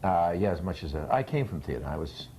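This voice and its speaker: A middle-aged man from New York, an actor guest chatting in a relaxed, joking way. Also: deep voice, quick pace, slight background noise. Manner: relaxed, joking, rambling asides. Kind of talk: casual interview chat.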